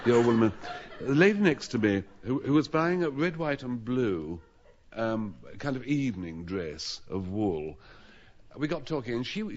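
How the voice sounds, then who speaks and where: A man with a low voice tells a rambling, self-mocking comic story on a radio panel show, his pitch rising and falling in lively swings. He stumbles over restarts as he talks. The sound is dull and lo-fi, like an old broadcast. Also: slight background noise. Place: radio studio with audience.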